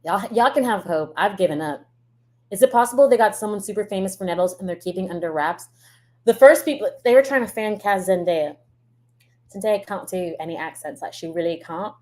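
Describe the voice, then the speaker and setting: American woman, mid-pitched voice, casual profane reaction rant, blunt and quick to laugh. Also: a little mellow. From United States. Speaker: reaction streamer. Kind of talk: casual ranting reaction chat.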